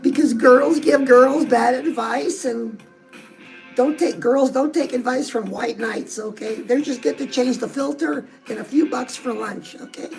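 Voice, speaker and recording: A woman's voice: high voice, measured pace, creaky, darkish tone, rough recording. A woman dating coach talking straight to her audience in a chatty, sassy way. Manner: chatty, sassy, calls listeners "girls". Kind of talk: direct-address advice talk. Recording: music playing behind the voice.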